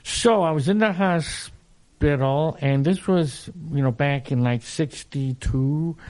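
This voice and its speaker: A man in his sixties, a motivational speaker and interview guest, telling stories from his childhood in a halting way, with many fillers and restarts. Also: fairly high pitch, a little mellow. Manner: unhurried, halting, lots of fillers and restarts, chuckles. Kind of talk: casual storytelling in an interview.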